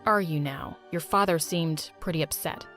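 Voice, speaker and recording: A woman voicing a humble young man who speaks quietly and in a subdued way. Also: deep voice, normal speed, soft background music, voice pushed down. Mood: hurt.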